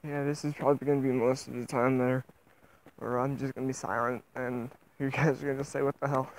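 A man with a rural American accent, vlogging outdoors in the countryside, talking in a subdued, halting way while holding back tears. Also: medium pitch, level tone, a little hiss or hum, rough recording. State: tearful. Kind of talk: outdoor personal vlog.

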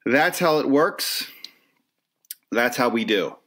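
A man's voice: medium pitch, animated, slow pace, fairly bright tone. A middle-aged man from the Philadelphia area, hosting his own podcast in a wry, rambling, self-deprecating monologue. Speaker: podcast host. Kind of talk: casual solo podcast monologue.

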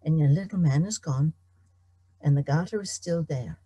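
Middle-aged woman, storyteller, animated delivery, low husky voice, dry sound. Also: moderate pace, dry recording. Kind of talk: told folk tale.

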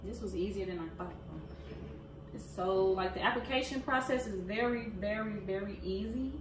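A woman's voice: medium pitch, moderate pace. Young woman in teasing casual vlog banter. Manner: teasing, laughing, lively banter. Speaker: vlogger. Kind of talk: casual chat. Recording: echoey room, mic at a distance, noisy.

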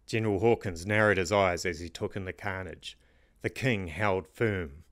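A man narrating his own fantasy book in a measured, dramatic reading. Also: sits low, fairly bright tone, no room sound, clean studio sound. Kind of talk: storybook narration.

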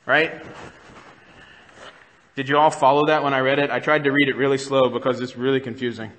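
A man's voice: medium pitch, flat delivery, a little fast, fairly bright tone, in a large hall, a little hiss or hum. A man preaching a sermon as pastor, in a conversational way that keeps putting questions to the congregation. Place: church sanctuary.

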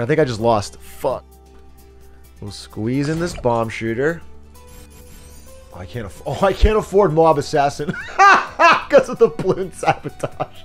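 Male game streamer, high animated voice, swears a lot, laughs often, faint music underneath. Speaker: livestreamer. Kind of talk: live gaming commentary.

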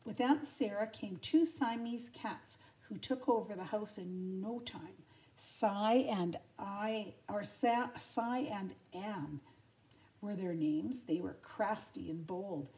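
An older woman reads a children's storybook aloud at an unhurried pace, her voice soft and mellow. She reads expressively and drops in gentle asides to her young listeners. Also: mid-range voice. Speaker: grandmother reading aloud.

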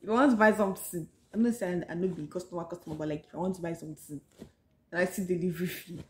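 A woman's voice: fairly low pitch, steady tone, fast, roomy sound, noisy background. A woman with a Nigerian accent chatting casually to her viewers in a book-summary vlog, often saying "so yes" and talking to them directly. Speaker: vlogger.

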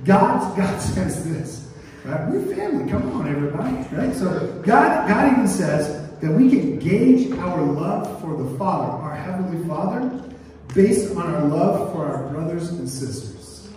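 A man preaching to his congregation, heard from a distance in a large, echoing church hall. His voice sits fairly high for a man. He drives his points home with call-and-response, getting the room to repeat phrases after him. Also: big pitch swings, measured pace, a little mellow, slight background noise. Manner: sings a line playfully. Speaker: pastor. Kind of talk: sermon. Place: church sanctuary. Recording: echoey hall from far off.

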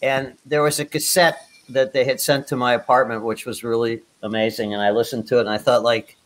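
Speaking fairly quickly at medium pitch with little pitch movement and a bit of brightness, an older guest performer on a video call tells his stories. He rambles, restarts many times, and laughs at his own anecdotes.

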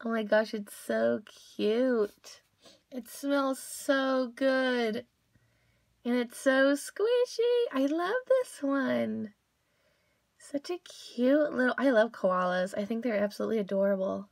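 A woman's voice: a little high, slow pace, gravelly, no room sound, clean studio sound. Gushing young woman unboxing toys. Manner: gushing, squeals and gasps over cute toys. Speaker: toy unboxing vlogger. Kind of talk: casual unboxing commentary.

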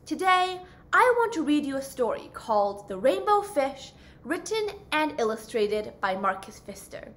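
Young woman, high voice, slow, expressive children's story read-aloud. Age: young adult. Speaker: youth volunteer reading aloud.

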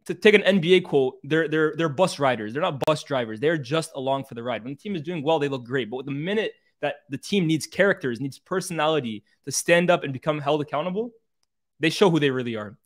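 Blunt man with a slightly high voice. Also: animated, brisk. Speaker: football podcast co-host. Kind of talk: football debate.

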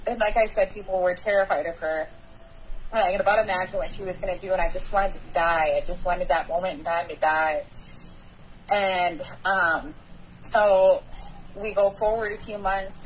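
A woman guest on a recovery podcast, telling her personal story in a halting way, with many pauses and restarts. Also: medium pitch, a little hiss or hum, low-quality recording.

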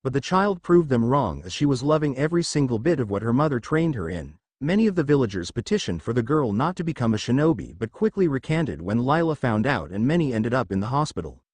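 Male fan fiction narrator, lively pitch, dry close sound. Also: fast talker, few pauses, dry recording. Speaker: story narrator. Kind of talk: fan fiction story reading.

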